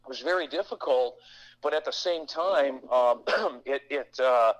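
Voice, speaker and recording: A man talks as an interview guest, winding through his stories with plenty of fillers and restarts. His voice sits in a middle register, and a lingering cough breaks in now and then. He slips readily into animated, gruff impressions of other people. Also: medium pitch, a little slow, low-quality recording. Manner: rambling, with many fillers and restarts; animated, mimicking his father's gruff talk. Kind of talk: casual interview storytelling.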